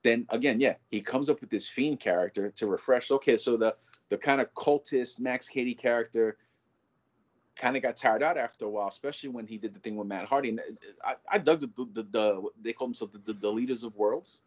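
A man talking in a casual chat as a show's co-host, animated and profane, rambling with lots of restarts. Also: mid-range voice, a little fast. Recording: dull lo-fi audio.

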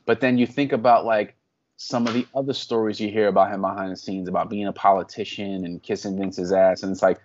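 A man's voice: on the low side, fairly quick, lo-fi sound. Profane ranting man on a podcast. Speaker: podcast co-host. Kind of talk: casual wrestling podcast chat.

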